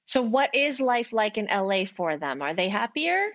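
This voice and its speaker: A woman co-host poses clear, composed questions to a guest. Her pitch is mid-range and the audio is slightly dull. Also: big pitch swings, moderate pace, a bit bright. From Canada. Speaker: talk show co-host. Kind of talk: studio interview questions.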